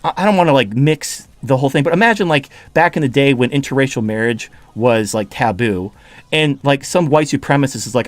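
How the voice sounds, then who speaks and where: A man's voice: medium pitch, lively intonation, a little fast, no echo. A man hosting a podcast, ranting in a heated, sarcastic and profane way in casual chat. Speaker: podcast host.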